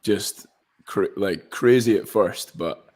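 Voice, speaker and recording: A man's voice: lowish voice, slow, a little mellow, husky. A young man from Scotland, an actor chatting casually as an interview guest and rambling with fillers and restarts.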